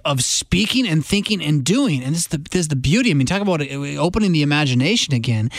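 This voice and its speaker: A man hosting a casual theology talk, animated and conversational, often restarting his sentences and checking in with "right?". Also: fairly high pitch, no room sound.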